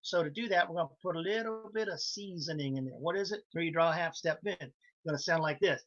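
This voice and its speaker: A man's voice: fairly high pitch, a little fast, fairly bright tone, highs cut off. A man teaching harmonica in a live online lesson, explaining licks step by step in a casual way and counting in the band. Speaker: harmonica instructor. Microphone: video call.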